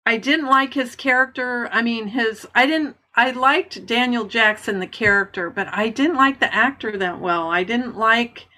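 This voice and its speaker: Bright-voiced, hesitant woman. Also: a little high, normal speed, few pauses. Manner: hesitant, restarts, thoughtful. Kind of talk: casual chat.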